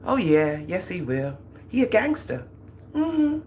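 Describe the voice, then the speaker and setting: Taking it slowly in a mid-range voice, with slight background noise, a middle-aged Jamaican-accented woman hosts a livestream. She's animated and teasing in casual chat, boastful about her children.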